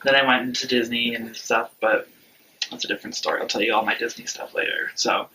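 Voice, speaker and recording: A man's voice: medium pitch, steady tone, brisk, pushed and bright, distant mic, a little hiss or hum, low-quality recording. A man in his twenties telling a personal story in casual chat, rambling and frank, swearing freely. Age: 20s. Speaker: vlog regular.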